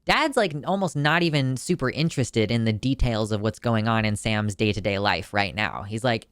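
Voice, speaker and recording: A man's voice: on the low side, moderate pace, a bit bright, smooth, no echo, studio quality. A man reviewing a film in a casual video, talking in a chatty, emotional way with lots of fillers and restarts.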